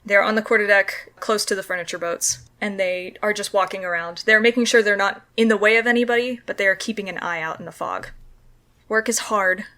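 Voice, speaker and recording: A woman narrating a tabletop role-playing game as game master, describing the scene in a steady, descriptive way. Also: medium pitch, a little fast.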